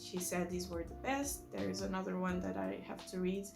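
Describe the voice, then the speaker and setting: Woman with a gravelly fry voice, non-native english speaker, rambly book chat, keeps correcting herself, soft music under it. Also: medium pitch, level tone, moderate pace. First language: not English. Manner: rambling, self-correcting, enthusiastic. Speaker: book vlogger. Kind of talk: casual book review chat.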